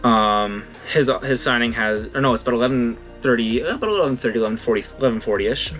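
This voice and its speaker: The audio is dull and soft music plays underneath as a young vlogger talks quickly in a mid-range voice. His storytelling is rambling and casual, full of self-corrections and animated impressions of what others said.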